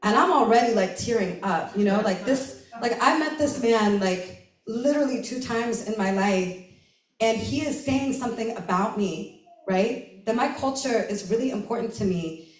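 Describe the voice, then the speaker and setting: A woman from the United States telling a personal story at a live event, chatty and animated, full of "like" and "right?", laughing often. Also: a little high, moderate pace. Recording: roomy live recording from a distance.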